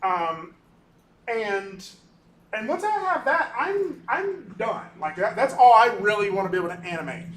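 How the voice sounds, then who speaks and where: High bright-voiced man teaching animation. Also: very animated, a little slow, a little hiss or hum. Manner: casual, talkative, keeps tagging on "right?"; frequent ums and restarts. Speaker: animation instructor. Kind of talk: recorded class lecture with screen demo.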